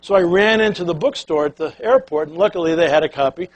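An older man giving a folksy, animated storytelling speech to an audience, acting out voices as he goes. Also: on the high side, quick pace. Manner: animated, folksy, acts out quotes and quacking sounds. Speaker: keynote speaker.

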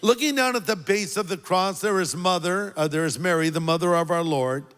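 A man preaching a sermon as a pastor, earnest and deliberate, leaning on key words. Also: high-pitched, a bit bright, smooth, long reverb tail.

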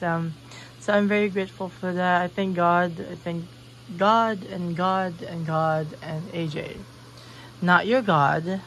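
A young woman chats from her own bedroom in a giggly, rambling way, swearing freely as she wanders from thought to thought. Her voice sits at an ordinary middle pitch, with a faint hum of room sound behind her. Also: rough recording. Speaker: vlogger. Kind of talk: casual rambling room tour.

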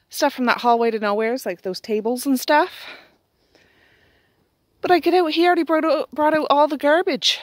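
A woman's voice: on the high side, no echo. Woman, middle-aged, Nova Scotian accent, casual home vlog, rambling chat. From Nova Scotia, Canada. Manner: chatty, rambling, self-correcting. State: out of breath. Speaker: vlogger. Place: outdoors in snow at dawn.

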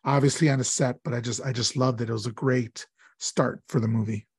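A man's voice: mid-range voice, fairly even intonation, brisk, breathy edge, no echo. A man hosting a podcast, chatting casually about a horror film in a rambling way, searching for words as he goes. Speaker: podcast host. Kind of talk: casual horror movie chat.

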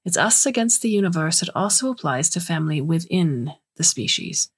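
A woman's voice: fairly low pitch, animated, normal speed, breathy edge. A woman voicing a scheming older female alien scientist who speaks in urgent, clipped lines.

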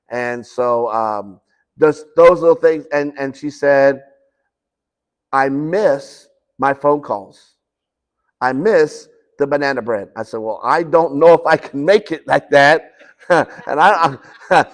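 A man's voice: a little high, a little slow. A man preaching a conversational sermon in a church, often restarting phrases and acting out quoted conversations. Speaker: pastor. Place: church sanctuary.

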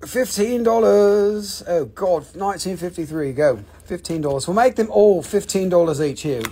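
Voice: medium pitch, normal speed, dark tone, husky. A live-stream rock and mineral seller chatting casually, with joking, profane, rambling sales patter.

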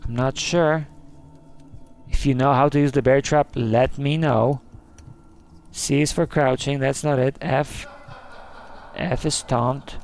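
Slow-talking, gravelly man, easily spooked. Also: medium pitch, a little mellow, a little hiss or hum. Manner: jumpy, easily spooked, gasps and cries of "oh no". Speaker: gaming channel host. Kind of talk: let's play commentary.

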